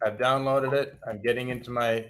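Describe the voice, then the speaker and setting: A man joins a live stream as a guest, his voice sitting at an ordinary middle pitch. He talks in an easygoing, casual way and laughs along with the host. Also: steady tone, fairly quick, a bit bright.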